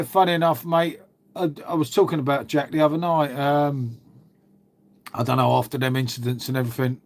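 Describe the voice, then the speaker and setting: A middle-aged man, hosting a livestream and chatting casually with viewers, laid-back and sweary, peppering his talk with mate and innit. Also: medium pitch. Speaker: livestream host reading chat. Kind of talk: casual chat.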